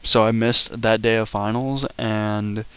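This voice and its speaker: A man's voice: on the low side, measured pace, clear, resonant tone, rough recording. A young man casually telling a personal story to the camera, blunt and profane. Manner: blunt, profane, lively retelling. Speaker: vlogger.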